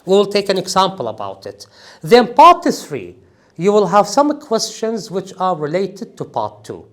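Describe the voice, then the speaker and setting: A high-pitched man in his forties lectures a class in English with an Iraqi Arabic accent. His delivery is lively and swings up and down as he stresses key points. He keeps checking in with the room as he explains the exam. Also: a little slow. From Iraq. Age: 40s. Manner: emphatic, checks in with "okay?" and "is that clear?". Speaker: IELTS trainer.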